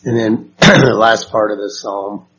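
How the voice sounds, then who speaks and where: Slow-paced man leading a Bible study. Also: on the low side, fairly even intonation, fairly bright tone. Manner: slow and unhurried, asks the group questions. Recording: dull lo-fi recording with faint noise.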